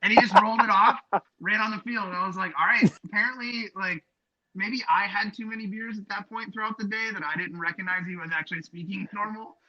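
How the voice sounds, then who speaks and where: Man, podcast co-host, high voice, very bright and forceful tone, rambling casual storytelling, dull lo-fi sound. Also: fairly even intonation, brisk. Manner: rambling storyteller, many fillers. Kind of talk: casual chat.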